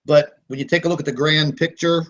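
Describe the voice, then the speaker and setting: A man's voice: fairly high pitch, fairly even intonation, brisk, fairly bright tone, lo-fi sound. A man hosting a live online hangout, talking in a defiant, combative rant with plenty of fillers. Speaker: host of a live online broadcast.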